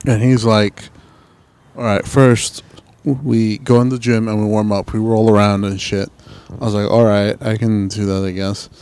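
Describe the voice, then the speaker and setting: A man's voice: lowish voice, moderate pace, slight background noise. A young man co-hosting a casual podcast, telling stories with lots of swearing and acted-out quotes. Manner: profane, animated storytelling with acted-out quotes. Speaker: podcast co-host. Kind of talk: casual chat.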